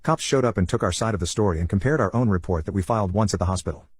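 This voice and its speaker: A man tells internet stories at a quick, even pace in a low voice with a breathy, husky edge. The recording is dry and close, with no room around it.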